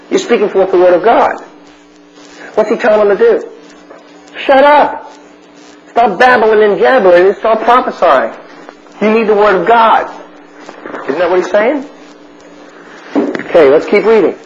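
A man teaching a Bible study as a sermon, bluntly asking questions and answering them himself. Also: sits high. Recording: muffled recording with faint noise.

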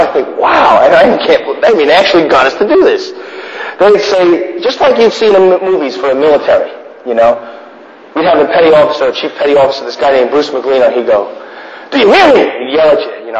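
A man telling wry, animated stories to an audience in a casual way. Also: on the high side. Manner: animated, wry, acts out voices in his stories. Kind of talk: casual anecdotal storytelling to an audience. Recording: echoey hall, dull lo-fi sound.

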